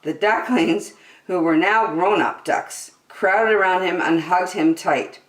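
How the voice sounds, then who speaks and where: A woman reading a children's picture book aloud with slow, expressive delivery. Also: fairly low pitch. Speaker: children's storyteller. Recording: roomy, from a distance.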